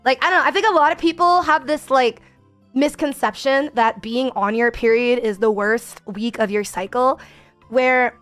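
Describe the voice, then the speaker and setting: A young woman streamer talking candidly in a casual, expressive chat with her viewers. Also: on the high side, normal speed, faint music behind.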